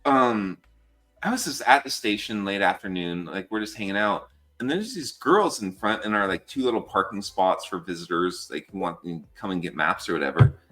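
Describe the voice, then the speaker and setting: An American man in his thirties, a fire patrol worker appearing as a podcast guest, tells stories casually and animatedly, swearing freely and saying "dude" a lot. He has a deep voice and a moderate pace, with soft music in the background.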